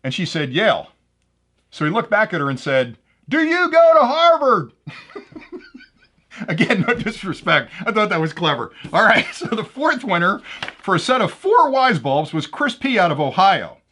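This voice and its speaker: A man's voice: sits high, big pitch swings, normal speed, pushed and bright. A man hosting his own channel, casually announcing giveaway winners and telling jokes he laughs at himself. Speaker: drone channel host.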